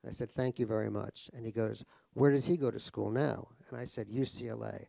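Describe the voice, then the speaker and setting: A man's voice: fairly low pitch, steady tone, a little fast, creaky, dark tone, dry recording. An American man, an author guest on stage, telling stories with wry, profane, self-mocking humor. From United States. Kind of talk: anecdotal storytelling on stage. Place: cultural center stage conversation.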